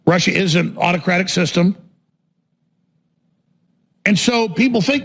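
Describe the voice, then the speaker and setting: A man hosting a radio talk show, delivering a combative political rant that swings into shouting and hammers points with repeated phrases. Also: sits high, measured pace, long pauses, husky. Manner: repetitive emphatic phrasing. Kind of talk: ranting political monologue.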